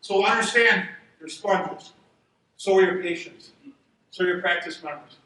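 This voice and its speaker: A man with a very high, piercing voice preaches from a stage, mixing fired-up shouts with quiet asides. His bright, sharp tone rings out through a large reverberant hall, heard from a distance. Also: unhurried, slight background noise. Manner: energetic, shouting at peaks, drops to a hushed aside. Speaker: chiropractor speaking at a seminar. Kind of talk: motivational stage talk. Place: large event hall with an audience.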